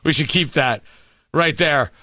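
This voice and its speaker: A man hosting a talk show, delivering an animated, sarcastic political rant. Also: a little high, measured pace, no room sound, studio quality. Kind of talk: opinionated political monologue.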